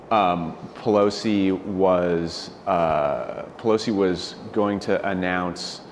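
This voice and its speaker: Very low-voiced, slow-talking man. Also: a little hiss or hum. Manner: hesitant, stop-start phrasing. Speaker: former speechwriter on a panel. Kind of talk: panel discussion.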